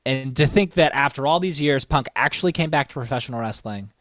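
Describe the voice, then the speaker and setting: A man's voice: a little fast, no echo. A man co-hosting a casual wrestling podcast, telling stories with building enthusiasm. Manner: enthusiastic storytelling, rises in pitch when excited. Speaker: podcast co-host.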